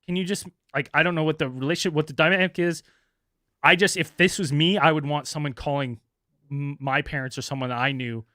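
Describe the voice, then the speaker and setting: A man co-hosting a podcast, telling a story casually, swearing a lot and acting out the people he talks about in high voices. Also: fairly even intonation, brisk, sharp tone, dry recording, clean studio sound. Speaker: podcast co-host.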